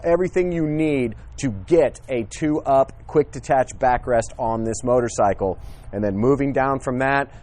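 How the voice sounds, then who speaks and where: Man, dealership presenter, casual outdoor walkthrough, eager and chatty, mid-pitched voice, handheld camera. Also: darkish tone. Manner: friendly, enthusiastic, with frequent fillers.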